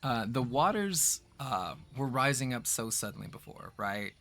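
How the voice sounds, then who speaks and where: Relaxed rambling game master man. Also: mid-range voice, moderate pace, gravelly. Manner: relaxed, rambling, lots of fillers. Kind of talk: narrating a tabletop game.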